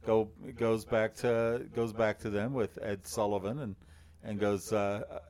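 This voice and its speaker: A man with a baritone voice co-hosts a casual podcast. He tells his story slowly and in a low register. He rambles and fills his pauses as he goes. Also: level tone, a little mellow. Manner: slow, rambling storytelling with many fillers. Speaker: podcast co-host. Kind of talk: casual chat.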